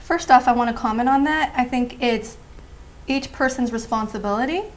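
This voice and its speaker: A woman guest who teaches sensuality, answering calmly and often affirming with "absolutely". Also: fairly high pitch, moderate pace. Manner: calm, affirming, repeats "absolutely". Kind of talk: interview answers.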